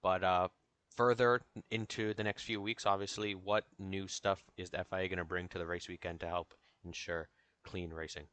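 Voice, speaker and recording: A man's voice: sits low, little pitch movement, normal speed, fairly bright tone, clean tone. A young man hosting a casual online talk show, loose and joking, with plenty of fillers.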